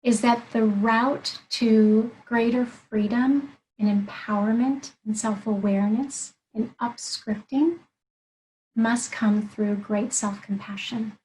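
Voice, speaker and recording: A woman's voice: fairly high pitch, fairly even intonation, slow, darkish tone, a little hiss or hum, poor audio. A woman life coach in an interview conversation, explaining her approach earnestly and laying out her points one by one.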